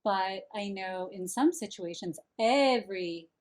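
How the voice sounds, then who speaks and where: A woman's voice: medium pitch, a little slow. A woman hosting a podcast, agreeing readily with her guest and asking thoughtful questions. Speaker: podcast host. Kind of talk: casual interview talk.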